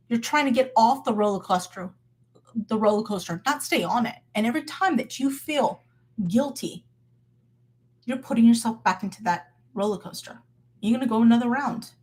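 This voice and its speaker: A woman giving an informal Christian devotional talk, candid and expressive, laughing as she goes. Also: high voice, slightly rough.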